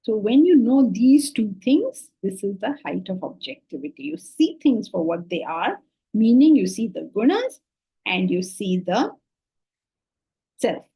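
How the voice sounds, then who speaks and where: Husky-voiced woman teaching scripture. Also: mid-range voice, unhurried, muffled recording. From India. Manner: animated, questioning, teasing the class. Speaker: Vedanta teacher. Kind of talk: spiritual class lecture.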